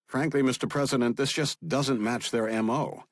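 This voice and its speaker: A man's voice: medium pitch, steady tone, moderate pace, no room sound, clean studio sound, pitched above the performer's own voice, natural voice. A man voicing a formal, careful FBI director in an audiobook. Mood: deferential. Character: adult male FBI director, deferential, briefing.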